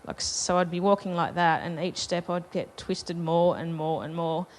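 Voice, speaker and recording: A woman's voice: lowish voice, fairly even intonation, normal speed, a little mellow. A woman telling a personal story to a live festival audience, chatty and self-deprecating, laughing between lines. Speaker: festival panel speaker.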